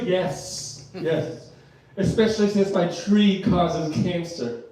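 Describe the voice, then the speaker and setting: A man's voice: high-pitched, slow, mellow. Rambling male stand-up, echoey and distant. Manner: rambling, laughs at his own jokes. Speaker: stand-up comedian. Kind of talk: live stand-up comedy. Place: live comedy show with audience. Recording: echoey room, mic far off.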